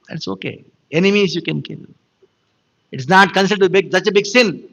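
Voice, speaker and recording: Guy monk teaching scripture, bright voice kinda high, gets really emphatic. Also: normal speed, gravelly, long pauses, husky, muffled recording. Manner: emphatic, animated storytelling. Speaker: monk giving a scripture class. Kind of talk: devotional scripture lecture.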